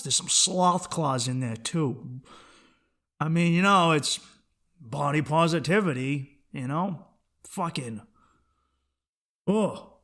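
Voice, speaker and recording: A man hosting his own comedy podcast, delivering a rambling, profane comic monologue that swings between low mutters and high excited bursts, restarting his sentences often. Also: slow pace, pauses often. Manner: rambling, swears often, repeats words as he restarts.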